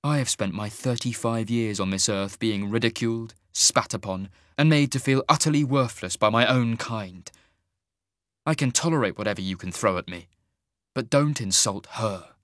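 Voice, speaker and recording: A man voicing a bitter, scorned half-mage in his thirties who speaks low and strained, in an audiobook. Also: normal speed, fairly bright tone, no room sound, studio quality, close to an everyday voice. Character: bitter 35-year-old male half-mage, scorned outcast.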